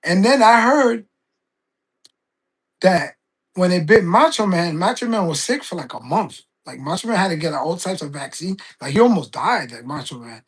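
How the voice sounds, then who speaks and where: Rambling, husky-voiced man. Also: high-pitched, lively intonation, normal speed. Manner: rambling storytelling with many fillers and restarts. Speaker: game streamer. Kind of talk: casual live-stream chat.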